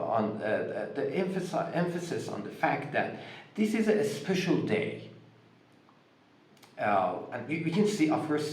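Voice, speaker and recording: A man's voice: medium pitch, darkish tone, echoey room, rough recording. A man with a Persian accent giving a religious lecture, speaking with many fillers and restarts and stressing key words. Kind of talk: religious lecture explaining scripture.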